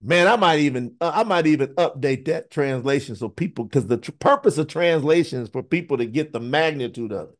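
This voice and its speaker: Male preacher, higher voice, animated and emphatic, talks straight to his viewers. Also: fairly quick, few pauses. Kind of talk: online scripture teaching.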